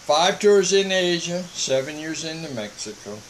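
A man's voice: fairly high pitch, animated, slight background noise, rough recording. A man, a missionary broadcasting a casual monologue from home and checking in with "all right?". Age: 70s. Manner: slow, folksy, repeats "all right?".

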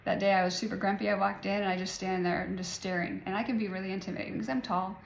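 Chatty woman with a gravelly voice. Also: mid-range voice, fairly even intonation, racing, slight background noise. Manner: chatty, rambling, laughs often. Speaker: spiritual vlogger. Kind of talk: casual spiritual talk to viewers. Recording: echoey room, faint ambience.

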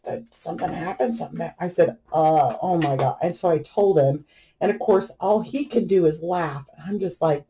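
A middle-aged woman with a lowish, warm-toned voice chats casually to her crafting audience. She tells an embarrassing family story in a loose, conversational way and laughs often as she goes. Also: moderate pace, a little hiss or hum. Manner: chatty storyteller, laughs often, animated retelling. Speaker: crafting vlogger. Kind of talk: casual anecdote while crafting.

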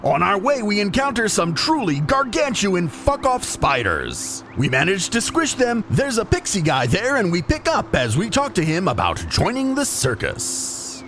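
A man reading out patron thanks and a session recap for a tabletop game podcast in a brisk, matter-of-fact way. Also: high-pitched, wildly swooping pitch, a bit bright, soft background music. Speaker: podcast host and player.

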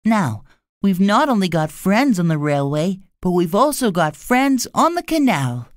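A man voicing a curious young boy in an audiobook reading, with a slow, deliberate manner. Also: sits high, very animated, dry recording, studio quality, voice pushed up.

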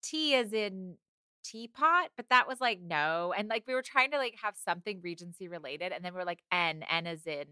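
Lively, bright-voiced woman guest. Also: fairly low pitch, normal speed, smooth, no room sound, clean studio sound. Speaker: podcast guest. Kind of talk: casual chat.

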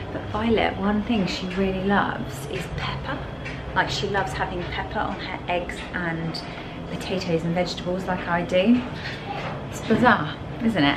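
A woman from southern England chatting casually on a family vlog, cooing at pets and kids. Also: on the low side. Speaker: family vlogger. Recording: loud background noise.

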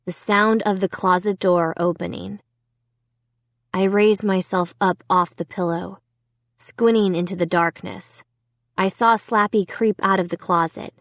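A woman's voice: mid-range voice, fairly even intonation, a little slow, a bit bright, dry recording. A woman narrating a children's horror book in the first person, reading steadily and with suspense. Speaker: audiobook narrator.

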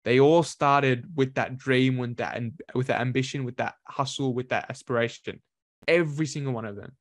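A man speaks to an audience in an upbeat motivational talk, his pitch sitting in an ordinary middle range. He leans into words with sudden bursts of energy for emphasis. The sound is dry and close, with little room around it. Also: normal speed, no echo. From Australia. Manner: energetic, uses lively voice changes for emphasis. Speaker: workshop speaker.

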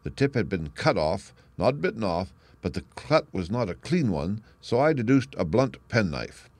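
A male audiobook narrator with a fairly low voice, reading a classic tale steadily and clearly. The sound is close and dry, with no room around it. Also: sing-song, normal speed, no echo. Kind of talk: scripted narration.

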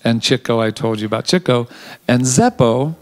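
A man, a theater director, giving a behind-the-scenes interview, telling history in an animated, chatty way with frequent ums. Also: medium pitch, moderate pace.

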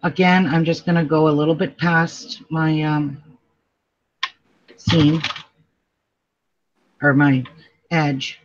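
A middle-aged woman talks her way through a home quilting tutorial, drifting into stories and laughing often. She speaks slowly and easily. The recording is dull and lo-fi with a faint hiss of noise behind her. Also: deep voice, level tone. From Canada. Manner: chatty, laughs often while telling stories. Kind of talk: casual craft tutorial chat.

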